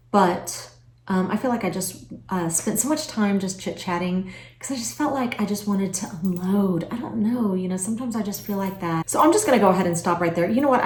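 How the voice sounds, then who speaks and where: A woman in her forties chatting to camera in a vlog, emotional and soft-spoken, trailing off with fillers. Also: echoey room, a little hiss or hum. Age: 40s. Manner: high cooing voice when talking to her pets. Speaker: vlogger. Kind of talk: casual chat to camera. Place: at home, indoors.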